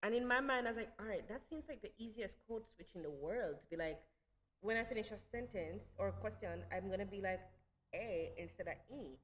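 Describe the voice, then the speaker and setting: A woman co-hosting a stream, teasing and firm in animated casual banter. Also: mid-range voice, fast talker. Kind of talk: casual chat.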